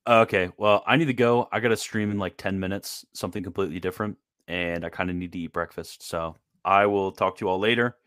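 Low-voiced maryland guy rambling casually, lots of likes and uhs, dry close sound. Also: steady tone, fast, hardly any pauses, a bit bright, no room sound. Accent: Maryland American. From Maryland, USA. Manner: rambling, filler-heavy, laid-back. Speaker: show host. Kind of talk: casual livestream chat.

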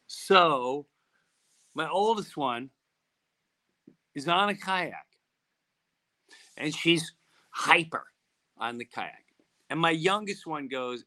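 A middle-aged podcast host tells a story in a relaxed way, voicing the characters he quotes with lots of animation. His pitch sits in the middle, and he speaks unhurriedly with frequent pauses.

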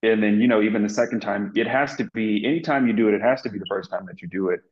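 A man's voice: on the low side, racing. A man being interviewed as an actor, earnestly telling stories from set, with many fillers and restarts. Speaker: actor guest. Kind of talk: casual interview storytelling. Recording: lo-fi muffled audio.

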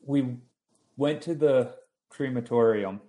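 A young adult man recounting a family story in relaxed conversation. He talks with an animated, anecdotal energy. His voice sits in an ordinary middle pitch. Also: takes it slowly.

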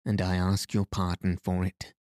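A man's voice: deep voice, completely flat delivery, normal speed, a little mellow, no room sound, studio quality, natural voice. A man voicing an earnest, dreamy young girl.

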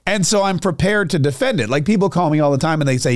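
A man's voice: on the high side, expressive, fast, dry recording, studio quality. A middle-aged man hosting a talk show, telling a rambling, self-mocking story in a casual monologue. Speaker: radio talk show host.

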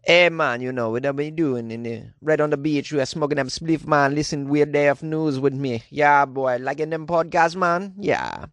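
A laid-back Jamaican beach stoner drawls his slang, as a man puts him on in a put-on Jamaican accent. The voice sits a little high and the recording is dry and close, with no room sound. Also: normal speed, few pauses, a bit bright, no room sound.

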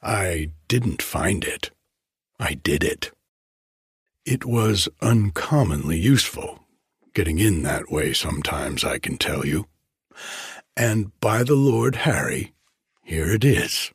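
A man gives voice to a broken, self-loathing gentleman who speaks with tender restraint. The voice is very low and breathy, close to a whisper, and it halts between phrases. The audiobook reading sounds close and dry. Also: very animated, no echo, heavily acted. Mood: wry. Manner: hushed, halting, with careful restraint.

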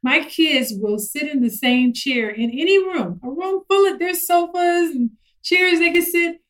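A middle-aged woman chatting casually about parenting, telling stories lively and acting out her kids' voices. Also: high-pitched, unhurried, low-quality recording. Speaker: guest parent.

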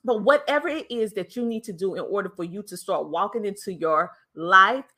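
A woman's voice: mid-range voice, fairly quick, sharp tone. A woman hosting a podcast, giving an emphatic motivational talk and stretching the words she stresses. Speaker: podcast host. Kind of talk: motivational speaking.

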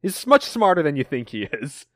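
Lively, high-voiced man recapping comics. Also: normal speed, no room sound, studio quality. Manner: animated storytelling with frequent swearing. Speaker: podcast co-host. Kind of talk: casual comic recap chat.

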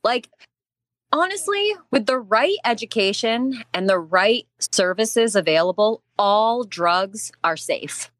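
A woman's voice: a little high, expressive, slow, a bit bright, dry recording. A woman talking emphatically in a casual podcast chat, swearing now and then and laughing as she speaks.

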